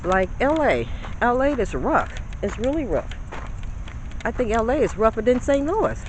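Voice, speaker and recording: A woman's voice: a little high, very animated, normal speed, a little hiss or hum, rough recording. A woman in her fifties, vlogging from her car on a phone, chatty and lecturing, calling her viewers honey. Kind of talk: casual vlog talk. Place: in a car, parking. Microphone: phone camera.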